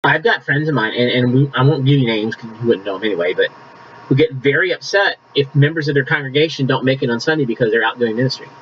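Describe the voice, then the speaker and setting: A man's voice: mid-range voice, quick pace, fairly bright tone, lo-fi sound, a little hiss or hum. A man preaching a conversational sermon, reading scripture aloud and adding asides. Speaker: pastor.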